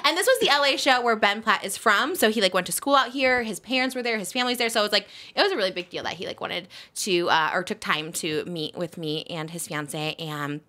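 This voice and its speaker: A woman's voice: mid-range voice, fairly quick, few pauses, bright, forceful tone. A woman in her thirties hosting a podcast, telling a story in a gushing, giggly, casual way. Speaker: podcast host. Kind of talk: casual chat.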